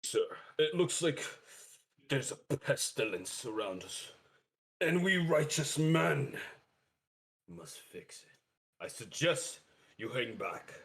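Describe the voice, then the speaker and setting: A man's voice: mid-range voice, very animated, slow pace, gravelly, fairly bright tone, voice pushed up, exaggerated voice. A man voicing a pompous, righteous adventurer who makes grand declarations. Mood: grandiose.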